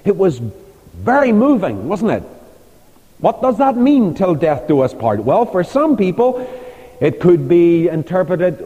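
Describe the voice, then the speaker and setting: A man's voice: high voice, wildly swooping pitch, measured pace, dark tone, husky, muffled recording. An older man preaching a sermon about marriage, telling stories with emphatic delivery and rhetorical questions. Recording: long hall reverb.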